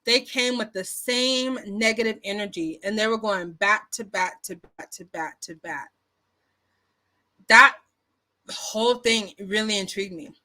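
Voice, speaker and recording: A woman talking casually into her phone as a vlogger, with a bright, forceful tone pitched a little high. She wanders through her story with fillers and restarts. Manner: chatty, animated, frequent fillers and restarts. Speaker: YouTube commentary vlogger.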